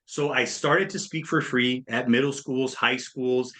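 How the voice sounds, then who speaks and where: A man's voice: mid-range voice, a little slow. A man in his thirties, a speaker and coach, telling his story in an interview and acting out the voices of people he quotes. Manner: animated, acts out quoted voices.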